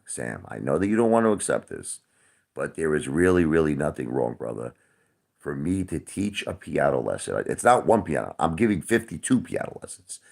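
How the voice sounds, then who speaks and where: A man in his forties, livestreaming and answering his chat defensively. His voice sits very low but swings widely up and down as he pleads his case. He repeats himself over and over and keeps calling the viewers brother. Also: creaky. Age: 40s. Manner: defensive, repetitive, keeps addressing chatters as brother.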